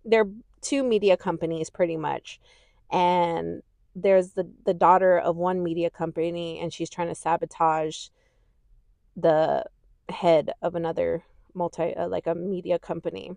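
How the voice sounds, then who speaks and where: Chatty, low-voiced woman podcaster. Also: a little slow, creaky, no echo. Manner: chatty, rambling, swears freely; laughs easily, gushing and animated. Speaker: podcast host. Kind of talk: casual chat.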